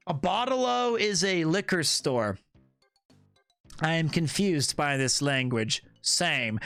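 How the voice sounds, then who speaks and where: High, bright-voiced playful streamer man. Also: slow pace, clean tone, no echo, soft background music. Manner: animated, playful, laughs at his own jokes. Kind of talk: casual chat with viewers. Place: Tokyo, Japan.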